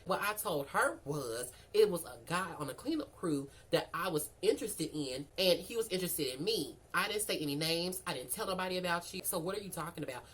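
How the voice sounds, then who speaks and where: A young adult woman, casually telling a story and acting out both sides of the conversations with animated, profane flair. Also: fairly low pitch, fairly quick, few pauses, a little hiss or hum, low-quality recording.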